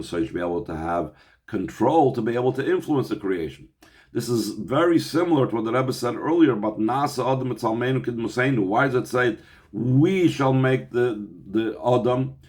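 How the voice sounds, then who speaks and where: Low-voiced man teaching a text class. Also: a little mellow. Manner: reads Hebrew lines then explains in English with Yiddish terms; restarts and repeats words while thinking aloud. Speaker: Torah teacher. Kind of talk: text study class, reading and translating.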